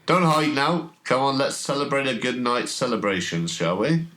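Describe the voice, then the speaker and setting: A deep, coaxing voice calls out from somewhere in a maze, mocking and sly, rising high as it taunts. A man acts it out as the game master of a horror tabletop game. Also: very animated, moderate pace, pushed and bright. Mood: taunting.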